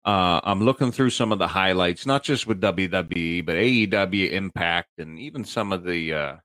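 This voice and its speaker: A man co-hosting a podcast in casual chat, animated and rambling, often stumbling and repeating his words. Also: deep voice, normal speed, no echo, clean studio sound. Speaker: podcast co-host.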